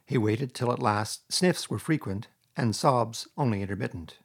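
A man narrating a classic storybook in a measured, expressive reading. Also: mid-range voice, breathy edge. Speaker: audiobook narrator.

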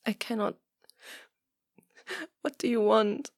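A woman's voice: a little high, level tone, takes it slowly, no echo, studio quality. A woman in a whispered role-play, talking in a pleading, hesitant way that often drops to a whisper. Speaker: audio role-play performer.

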